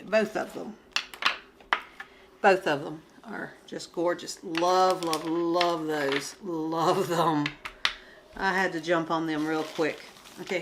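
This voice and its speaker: A woman's voice: lowish voice, noisy background. A woman who sells gemstones and crafts, chatting casually to her viewers as she unboxes an order and gushes over each piece. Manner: chatty, gushing, talks to viewers.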